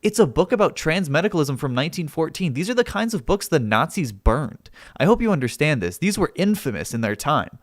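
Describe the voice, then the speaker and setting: A man's voice: on the high side, very animated, a little fast, few pauses, no echo. A male livestreamer arguing with his chat, heated and exasperated, swearing as he reads out and answers comments. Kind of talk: live stream chat argument.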